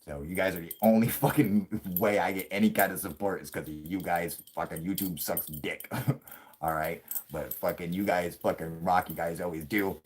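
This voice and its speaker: A man's voice: deep voice, fairly even intonation, normal speed. A man in his late thirties hosting a live stream, rambling casually with constant swearing and laughter. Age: 30s. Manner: crude, profanity-heavy rambling with frequent laughs; puts on a yelling grumpy old man for jokes.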